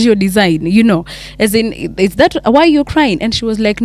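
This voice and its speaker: A Kenyan woman retelling a Bible story casually, animated, switching between English and Swahili slang. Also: mid-range voice, moderate pace. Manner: animated, mixes English and Swahili, many restarts.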